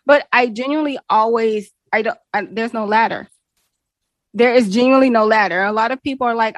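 A young woman talks through a casual interview, bubbly and quick to laugh. The sound is dry and close, with no room around her. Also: on the high side, dry recording. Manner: bubbly, laughs often, animated quoting. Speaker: interview guest.

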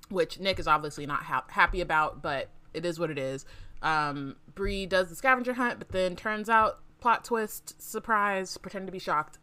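Podcast co-host, woman, lower register, chatty chapter recap with fillers. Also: bright, forceful tone. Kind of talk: casual book discussion.

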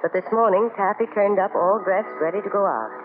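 An actress playing a wry, steady young woman who narrates in 1940s radio drama style, dry and teasing. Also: medium pitch, a little fast, close to an everyday voice. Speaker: narrator and farm wife. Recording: tinny, hissy old radio broadcast.

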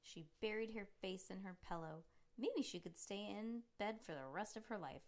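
A woman podcast host reading a children's book aloud in an unhurried bedtime storytelling manner. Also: medium pitch.

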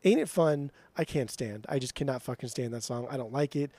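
On a music podcast, a male co-host argues over album rankings in a mock-outraged rant, swearing often and mimicking his co-host in a higher voice. His voice is warm and animated, and he talks fairly quickly in this casual, heated chat.

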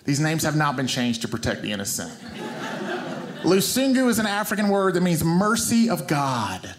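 A man's voice: on the high side, big pitch swings, moderate pace, crowd noise. A man with a Southern US accent doing stand-up, telling a story with self-mocking asides. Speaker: comedian.

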